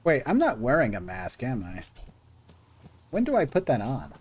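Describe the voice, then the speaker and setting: A man's voice: medium pitch, wildly swooping pitch, normal speed, husky. A man streaming a video game, chatting casually with viewers and thinking aloud as he plays. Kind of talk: casual gaming commentary.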